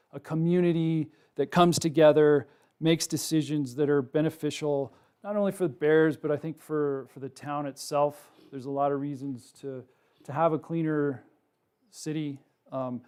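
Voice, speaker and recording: A middle-aged man, a wildlife researcher, giving a public talk to a live audience, telling a personal story in a casual, animated way with lots of ums and likes. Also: a little high, smooth. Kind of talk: public lecture with personal anecdote. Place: lecture room with a live audience.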